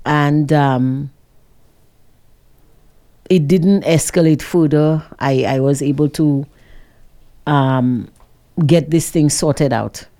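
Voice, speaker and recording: A woman co-hosts a casual talk show. Her voice sits low and mellow, and she retells stories with rising emphasis. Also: takes it slowly, pauses often. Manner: animated storyteller, retells quotes with rising emphasis. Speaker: co-host.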